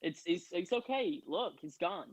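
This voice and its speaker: A man's voice: high-pitched, lively intonation, measured pace, breathy edge, dry recording, low-quality recording. Laid-back man playing a tabletop game. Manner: casual, laid-back, swears. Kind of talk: casual in-character play.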